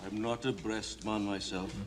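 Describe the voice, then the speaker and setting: An actor playing an earnest, matter-of-fact inmate in a 1970s sitcom. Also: male voice, fairly low pitch, fairly even intonation, normal speed, heavy background noise, lightly acted. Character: solemn oversexed Welsh male inmate.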